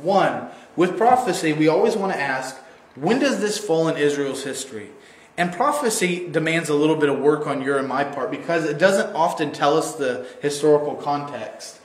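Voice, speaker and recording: Casting: male church teacher, slightly higher voice, loose and chatty, echoey room. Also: moderate pace. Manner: casual, digressive, acts out quoted voices playfully. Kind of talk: recorded teaching video.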